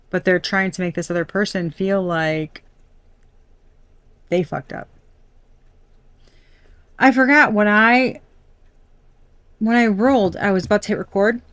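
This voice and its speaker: A woman's voice: fairly low pitch, fairly bright tone, no echo. Blunt, profane woman reading tarot. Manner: blunt, swears freely, exasperated asides. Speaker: tarot reader. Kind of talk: casual collective tarot reading.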